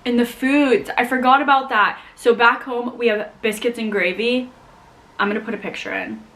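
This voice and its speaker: A young woman from the United States chatting casually to camera as a vlogger, animated and full of "like". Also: on the high side, normal speed, rough recording. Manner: chatty, animated, heavy use of "like". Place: home in Scotland.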